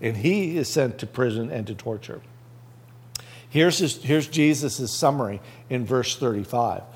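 A man's voice: medium pitch, lively intonation, unhurried, husky. Man preaching a conversational sermon. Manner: asks the listeners rhetorical questions. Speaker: pastor.

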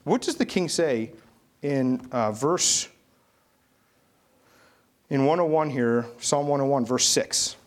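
A man's voice: medium pitch, lively intonation, takes it slowly, pauses often. Man preaching a storytelling sermon. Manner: storytelling, rising to emphatic exhortation. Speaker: pastor.

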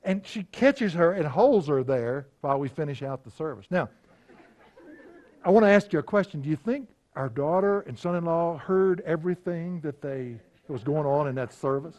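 A man's voice: on the high side, lively intonation, moderate pace, a little mellow. A middle-aged man, a pastor, telling folksy anecdotes in a conversational sermon and chuckling now and then. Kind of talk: storytelling sermon.

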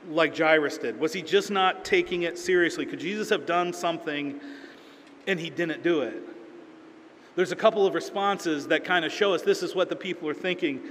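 A man delivers a sermon in a casual, story-driven way, slipping into quoted voices as he goes. His voice sits slightly high for a man. It is recorded in a reverberant hall with a faint murmur of room ambience behind it. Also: fairly bright tone, a little hiss or hum. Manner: conversational storytelling with acted-out quotes. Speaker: pastor.

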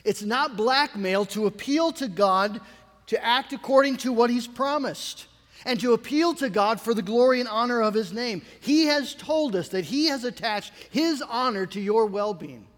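A man preaching a sermon in an earnest, measured way, reading scripture aloud with dramatic weight. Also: very high-pitched, expressive, a bit bright, big-room sound. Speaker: pastor.

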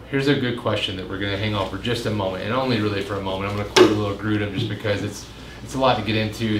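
A pastor giving a casual midweek Bible teaching, chatting with jokes and asides and acting out quoted lines in a raised voice. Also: male voice. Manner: conversational, jokes and asides, acts out quotes with rising pitch. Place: meeting room. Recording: roomy echo, faint room noise.

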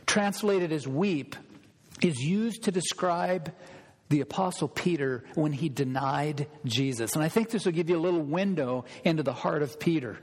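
Male pastor, slightly raised pitch, animated sermon delivery, big reverberant sanctuary. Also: normal speed. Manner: animated, conversational preaching with audience questions.

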